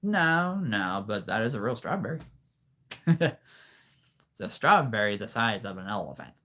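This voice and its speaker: A man's voice: lowish voice, big pitch swings, normal speed, bright, forceful tone. A man hosting a casual livestream, rambling through viewer comments with frequent chuckles and playful wordplay, a little out of breath. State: a bit out of breath. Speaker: livestream host, figure collector.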